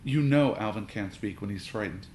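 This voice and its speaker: A man voicing a calm, comforting mother in a children's story. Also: fairly low pitch, normal speed, reverberant, a little hiss or hum, natural voice. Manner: calm and soothing.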